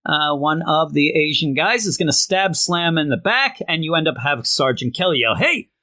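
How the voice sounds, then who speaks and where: A man casually reviewing an old comic book, rambling and retelling the story with animated asides. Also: a little high, normal speed.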